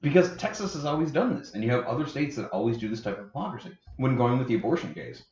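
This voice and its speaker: A man argues sarcastically on a podcast, his voice swinging lively up and down. The room echoes around him. The audio is dull and has faint noise. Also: mid-range voice, fast, distant mic. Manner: sarcastic, argumentative. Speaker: podcast co-host. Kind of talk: casual podcast chat.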